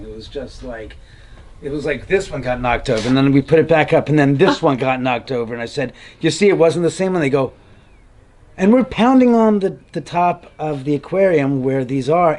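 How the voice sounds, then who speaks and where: A homeowner giving a tour, telling stories in an animated way and acting out the quoted voices of other people. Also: male voice, on the high side, a little fast. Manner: acts out quoted dialogue, rambling with restarts. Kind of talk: animated storytelling.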